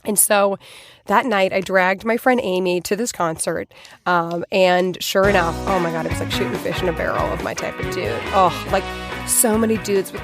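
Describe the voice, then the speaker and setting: A woman in her thirties from Boston, telling a personal story in a chatty, animated way, full of "like" fillers. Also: mid-range voice, normal speed, over music. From Boston, USA. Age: 30s.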